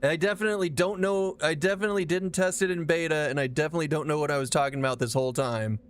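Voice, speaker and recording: A man's voice: on the high side, rapid-fire. A man streaming a game live, chatting casually with his chat, rambling and swearing as he plays. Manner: profane, animated, rambling.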